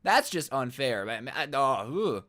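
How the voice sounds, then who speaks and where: A man's voice: medium pitch, very animated, a little slow, sharp tone. A young man telling a storytime vlog, sarcastic and jokey, talking straight to his viewers. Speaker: storytime YouTuber.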